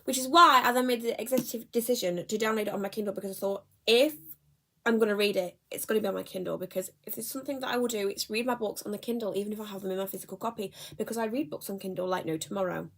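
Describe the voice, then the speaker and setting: A young woman talks through her reading in a loose, rambling way. She doubles back on her words and corrects herself often. Her voice sits in an ordinary middle pitch. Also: rapid-fire, a bit bright. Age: young adult. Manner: chatty, rambling, self-correcting. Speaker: book vlogger. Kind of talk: casual chat.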